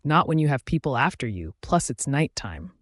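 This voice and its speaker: A man's voice: medium pitch, sing-song, moderate pace, a bit bright, no room sound. Guy doing a caring girl friend, firm but soothing, dry close mic. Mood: reassuring.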